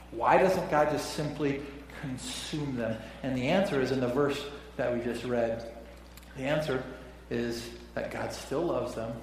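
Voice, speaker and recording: A man preaching a sermon as pastor, conversational, often dropping his voice softly for emphasis. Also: mid-range voice, a little hiss or hum. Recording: echoey church hall from far off.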